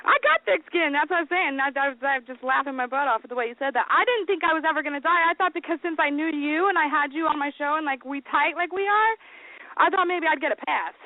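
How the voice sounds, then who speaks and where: A woman's voice: sits high, quick pace, no echo. A woman hosting a radio interview, blunt and casual, laughing easily. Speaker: radio host. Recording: dry, phone-like radio sound.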